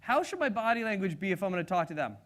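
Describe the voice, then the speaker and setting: A man with a fairly high voice runs a live seminar, talking energetically to the room. He pulls the audience in with questions and acts out different personality types as he goes. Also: big pitch swings, very fast, a bit bright. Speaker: sales trainer.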